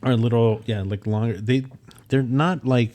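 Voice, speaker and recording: Young guy on a podcast, mellow low-ish voice, rambles, says like a lot, swears. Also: steady tone, moderate pace. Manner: rambling, lots of fillers and swearing. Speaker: podcast co-host. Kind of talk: casual chat.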